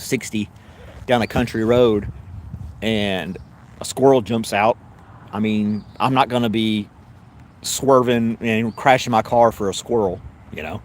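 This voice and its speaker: A man's voice: lowish voice, a little hiss or hum. A middle-aged man with a Southern American accent hosts a casual live stream, chatting with viewers and telling long anecdotes full of fillers and restarts. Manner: rambling storyteller with many fillers and self-corrections; laughs easily while telling stories.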